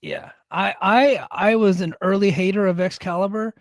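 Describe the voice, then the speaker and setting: Blunt, higher-voiced male podcast co-host. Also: fairly even intonation, moderate pace, no echo, studio quality. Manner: blunt, opinionated, swears freely. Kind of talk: casual chat.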